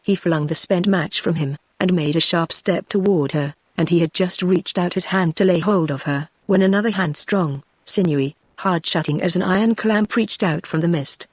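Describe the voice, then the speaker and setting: A synthetic text-to-speech woman's voice with a British accent, reading a novel as scripted narration in a steady tone. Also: fairly low pitch, normal speed, few pauses, no room sound. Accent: British English. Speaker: audiobook narrator.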